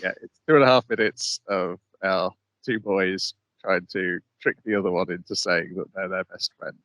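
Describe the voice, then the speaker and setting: A man's voice: sits low, steady tone, normal speed, fairly bright tone, muffled recording, a little hiss or hum. A man hosting an anime podcast, introducing each episode with wry questions in casual chat. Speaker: podcast host.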